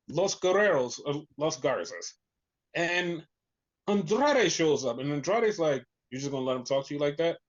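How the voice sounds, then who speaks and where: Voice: mid-range voice, lo-fi sound. A podcast host recapping in casual chat, swearing freely and acting out quotes. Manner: profane, animated retelling with voiced quotes.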